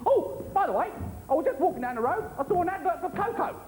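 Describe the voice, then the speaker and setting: A man's voice: very high voice, sing-song, fast talker, a little mellow. A man playing a cheerful, simple-minded old-time male servant, talking chirpily and eagerly. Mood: chirpy. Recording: noisy old TV tape in a reverberant studio.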